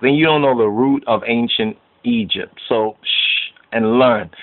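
A man teaching a Bible study sermon in a preachy way, going over verses again and again and often asking whether listeners understand. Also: mid-range voice. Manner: preachy, repetitive, keeps asking "you understand?". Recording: tinny phone-like line.

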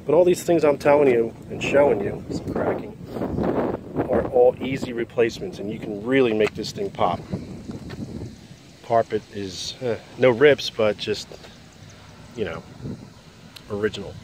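A man's voice: medium pitch, measured pace, pauses often. A middle-aged man showing off a car for sale in a casual, rambling way, talking around a cigar, outdoors and then inside the car. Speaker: car seller. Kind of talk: casual walkaround video. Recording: outdoor street and engine noise.

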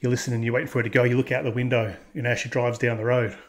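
A man's voice: medium pitch, flat delivery, very fast. A man hosting casual commentary, talking in a blunt, crude way and laughing at his own jokes. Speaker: host. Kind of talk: casual commentary reacting to posts.

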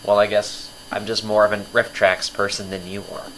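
A man's voice: on the low side, flat delivery, fairly quick, fairly bright tone, low-quality recording. A young man co-hosting a video game let's play, rambling and joking in casual commentary. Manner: rambling, jokey, giggly. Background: game music.

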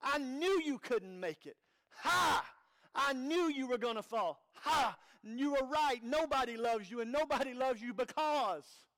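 Man voicing a taunting devil, jeering, mocking, high-pitched, sermon illustration. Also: lively intonation, unhurried, hardly any pauses, fairly bright tone, full character voice. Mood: gloating. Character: gloating, taunting male devil.

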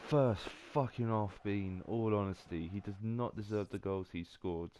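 A man's voice: fairly low pitch, measured pace, dark tone, slight background noise. A young man ranting and swearing while playing a football video game. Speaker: gamer. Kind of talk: angry gameplay commentary.

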